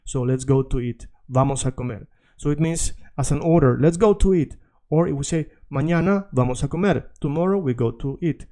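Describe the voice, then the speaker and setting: Patient man teaching, dark voice. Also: on the high side, fairly quick. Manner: explains patiently, repeats words, checks in with "all right?". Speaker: Spanish teacher. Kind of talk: video language lesson.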